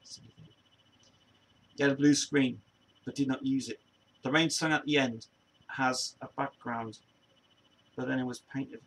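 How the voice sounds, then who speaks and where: A man's voice: mid-range voice, fairly even intonation, a little slow, long pauses, husky. A man hosting a casual chat show, rambling with many restarts and laughing often. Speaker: show host.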